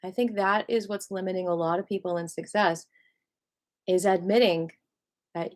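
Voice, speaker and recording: A woman leading a qigong meditation class, speaking in a gentle, affirming way and often repeating her cues. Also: lowish voice, fairly even intonation, normal speed, long pauses. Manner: gentle, affirming, repetitive coaching. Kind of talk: guided meditation instruction.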